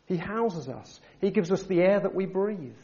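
A man preaching a sermon, asking his listeners rhetorical questions and building to loud, emphatic passages. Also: high voice, lively intonation, moderate pace, highs cut off.

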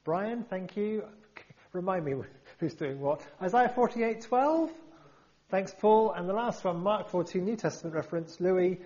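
A man's voice: sits high, unhurried, dark tone, highs cut off. A man preaching a sermon to a congregation, emphatic and full of rhetorical questions.

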